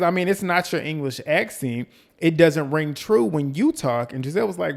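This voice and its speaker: A man's voice: on the high side, fairly quick, vocal fry. A man from the US South with a light North Carolina country twang, casually recapping and commenting on a reality show in a chatty, gossipy way. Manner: chatty, gossipy, quotes the cast in lively bursts.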